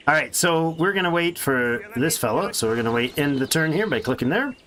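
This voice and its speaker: A man's voice: a little high, lively intonation, moderate pace, fairly bright tone, slight background noise. A man casually commenting on his strategy game as he plays, chatty and thinking aloud with little jokes to himself. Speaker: let's play streamer.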